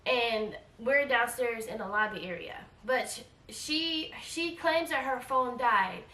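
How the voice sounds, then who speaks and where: A woman in her forties telling a travel storytime in a casual, animated way, acting out quoted lines and repeating herself. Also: on the high side, slow pace, distant mic. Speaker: travel vlogger. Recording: echoey room, voice a bit off-mic.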